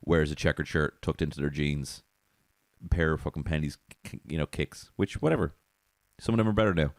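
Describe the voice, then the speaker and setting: A man's voice: a bass voice, fairly quick, dry recording. A man hosting a comedy podcast, rambling through a profane, giggly monologue on a close mic.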